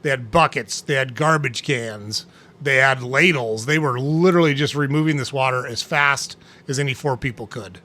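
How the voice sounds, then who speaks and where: A man hosting a casual tips talk, speaking conversationally, often checking in with "right?" and clearing his throat now and then. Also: mid-range voice, normal speed, pushed and bright. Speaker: host.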